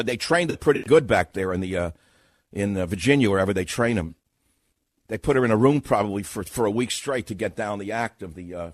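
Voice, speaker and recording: A man's voice: medium pitch, fairly bright tone, no room sound. An older man hosts a talk radio show and rolls through a sarcastic, mocking monologue. He acts out a mock questioning. His voice sits dry and close on the studio mic.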